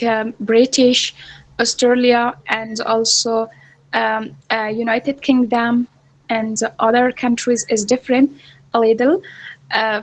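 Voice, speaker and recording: A woman student answering in an online class, speaking haltingly with many fillers over a video call. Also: fairly high pitch, low-quality recording.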